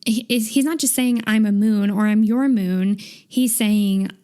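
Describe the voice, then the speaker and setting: A woman's voice: medium pitch, measured pace, warm tone. A woman co-hosting a casual fan podcast, talking in a gushing, emotional way. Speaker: podcast co-host.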